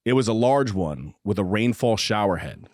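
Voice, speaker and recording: Male podcast host, low and measured, dry studio sound, good for audiobook reading. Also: lively intonation, a little mellow, no echo. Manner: low, measured reading voice, joking between passages. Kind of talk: casual chat, reading a novel excerpt aloud. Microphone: studio microphone with headphones.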